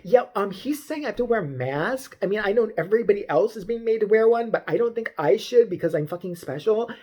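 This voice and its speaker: A man voicing an entitled, angry white woman who whines and demands in a drawn-out, indignant voice. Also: sits high, expressive, darkish tone, voice pushed up. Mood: demanding.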